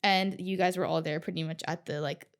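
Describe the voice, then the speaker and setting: A woman talking as a podcast guest in casual chat, telling her story in an animated way, swearing freely and laughing often. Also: lowish voice, fairly quick.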